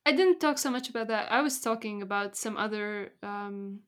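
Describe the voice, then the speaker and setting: A woman's voice: medium pitch, normal speed, fairly bright tone. A young woman in casual conversation, explaining her thoughts and often laughing through her words. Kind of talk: casual chat.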